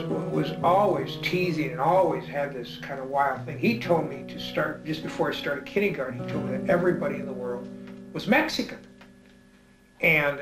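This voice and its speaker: A middle-aged man, an author, telling a reflective personal story in an earnest way, stumbling over repeated words when moved. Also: on the high side. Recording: music bed under the voice.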